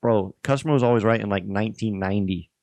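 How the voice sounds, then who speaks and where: A man guest on a casual podcast telling animated, slangy stories about restaurant work, swearing freely and calling people "bro". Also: lowish voice, quick pace, no room sound.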